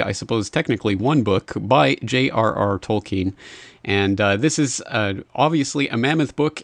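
A man hosting a podcast, chatty and earnest in a casual spoken monologue, pausing often to find his words. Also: medium pitch, no room sound. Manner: chatty, earnest, halting with fillers. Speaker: podcast host.

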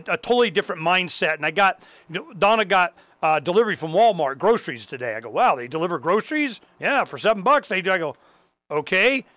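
A male host with a high, bright voice rants through a casual conversation. His delivery is animated and full of swearing. The sound is dry and close. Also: no echo. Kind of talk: casual chat.

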